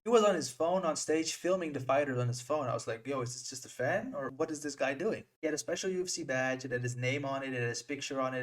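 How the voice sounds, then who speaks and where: A young man vlogger telling an excited storytime to camera. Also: medium pitch. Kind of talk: storytime narration.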